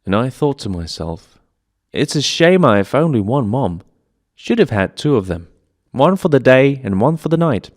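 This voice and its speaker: A man's voice: mid-range voice, big pitch swings, normal speed. A man performing a one-man stage monologue, telling it in a plaintive, childlike way. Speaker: solo stage actor. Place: theatre stage.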